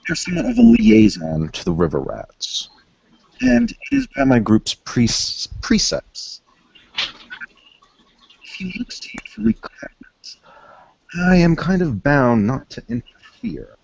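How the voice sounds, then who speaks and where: A man's voice: fairly high pitch, huge pitch swings, a little slow, vocal fry, darkish tone, husky, dull audio, voice pushed up, full character voice. A man voicing a courteous, formal male gangster who negotiates politely.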